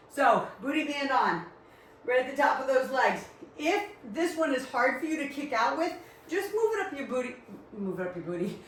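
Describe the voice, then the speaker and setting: A woman's voice: a little high, a bit bright, slight background noise. A woman with a Rhode Island accent coaching a live workout class, upbeat and encouraging as she counts reps. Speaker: fitness instructor. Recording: very echoey room, far from mic.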